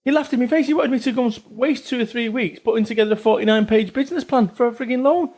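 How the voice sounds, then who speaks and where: A man's voice: extremely high pitch, fast, a little mellow. A man in his forties with a Salford accent, a business author talking bluntly and swearing freely as a podcast guest, repeating phrases for emphasis. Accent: Northern English, Salford. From England. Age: 40s. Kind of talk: casual interview chat.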